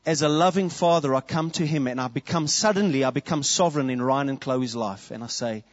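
A man's voice: mid-range voice, brisk, no echo, dull audio. A man preaching a sermon as a pastor, earnest, quoting prayers and his children.

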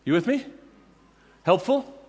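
A man's voice: high voice, animated, slow pace, darkish tone. A man preaching a sermon, emphatic and repetitive, rallying his congregation with questions and refrains. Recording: long reverb of a large hall.

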